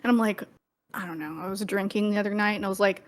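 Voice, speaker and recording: A woman co-hosting a gaming podcast, telling stories in an animated way and swearing freely in casual chat. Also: mid-range voice, fast. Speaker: podcast co-host.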